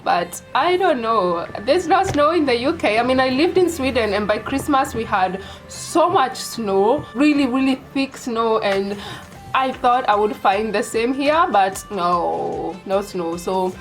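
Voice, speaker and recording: A woman's voice: fairly high pitch, lively intonation, slow pace, soft background music, low-quality recording. A young woman from Kenya with a Kenyan accent, chatting casually to her viewers in a vlog. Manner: chatty and direct, addresses viewers as "you guys". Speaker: vlogger. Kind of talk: casual vlog talk to camera.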